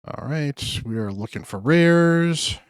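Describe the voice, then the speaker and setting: Speaking slowly in an expressive voice on the high side, a man hosts his gaming channel and chats through gacha summon pulls. He sounds upbeat, uses many fillers, and his clean tone comes through with studio quality and no room sound.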